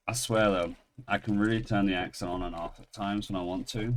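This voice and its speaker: A man with a low, deep voice chats casually to his viewers as he opens card packs. He rambles along with self-deprecating asides, and there is a faint hiss behind him. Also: brisk. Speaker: card-opening channel host. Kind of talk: casual chat while opening trading card packs.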